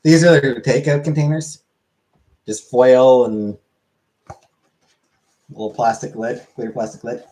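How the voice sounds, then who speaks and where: A man of ordinary pitch talks loosely with his stream chat. He restarts sentences, drifts into mumbled asides, and keeps an easygoing, unpolished flow. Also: slow pace, long pauses, mellow. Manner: rambling, self-correcting, trailing off. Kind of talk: casual chat.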